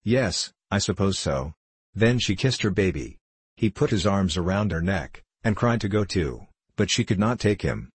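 A man narrating an audiobook in a steady, measured storytelling manner. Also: deep voice, slightly rough, dry recording.

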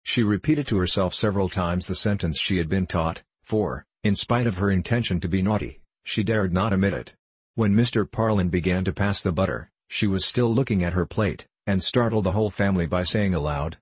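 A man reading a children's storybook aloud in a measured, even way. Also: sits low, slightly rough, dry recording. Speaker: audiobook reader. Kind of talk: scripted narration of a children's book.

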